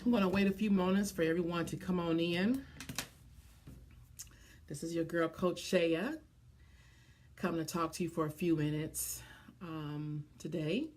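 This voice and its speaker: A woman's voice: fairly low pitch, steady tone, measured pace, long pauses, darkish tone. A woman business coach in a live stream, speaking earnestly from the heart to viewers, often stopping to greet them by name, with many ums and restarts.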